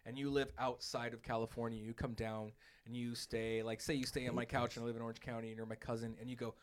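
Fast-talking, blunt man. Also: mid-range voice, flat delivery, no room sound. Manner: blunt, profane ribbing. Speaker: podcast co-host. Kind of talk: casual chat.

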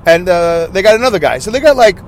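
Male podcast host, excitable rambler, slightly high voice, faint background noise. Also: quick pace. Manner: excitable, rambling, loud, with many asides. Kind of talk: casual solo podcast rambling. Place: in his car.

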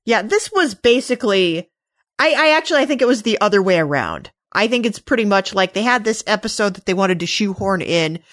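A woman's voice: mid-range voice, expressive, fairly quick, fairly bright tone, no room sound, studio quality. A woman co-hosting a casual fan discussion podcast, easygoing and wry. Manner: easygoing, wry, full of comparisons. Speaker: podcast co-host.

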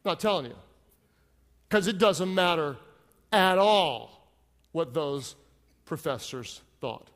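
A man's voice: a little high, expressive, slow, pauses often, fairly bright tone, long reverb tail. A male pastor giving an emphatic sermon, leading call-and-response.

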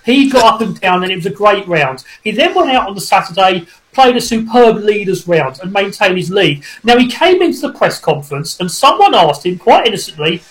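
A man's voice: sits high, a bit bright, rough recording. An English man from the southwest of England, a golf journalist guest speaking fluently with dry humour. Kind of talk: phone-in interview.

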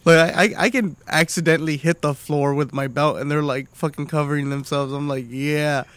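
A man's voice: fairly high pitch, fairly even intonation, a little fast, fairly bright tone, no room sound. A man co-hosting a podcast in casual, crude banter, a father who swears freely, laughs often and acts out voices in his stories. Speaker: podcast co-host.

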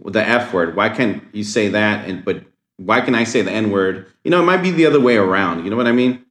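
A man's voice: fairly low pitch, expressive, brisk, a bit bright, roomy sound. A man chatting casually on a podcast, rambling and agreeable with lots of fillers. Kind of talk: casual chat.

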